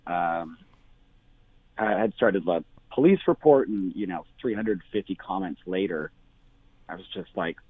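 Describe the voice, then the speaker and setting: A bar owner talking casually on the phone, full of fillers and restarts. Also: male voice, lowish voice, no room sound. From Canada. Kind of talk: phone interview. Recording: tinny phone line.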